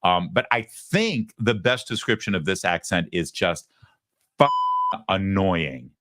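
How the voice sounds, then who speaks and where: Low-voiced sarcastic male talk host. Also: takes it slowly, no room sound, studio quality. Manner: mocking, animated, conversational. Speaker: political talk show host. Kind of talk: sarcastic political commentary.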